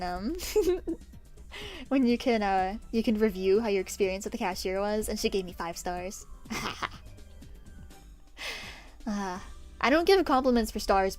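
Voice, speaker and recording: A woman's voice: mid-range voice, darkish tone. A young woman streamer telling a story in a chatty, self-mocking way, laughing often. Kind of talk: casual storytime while drawing.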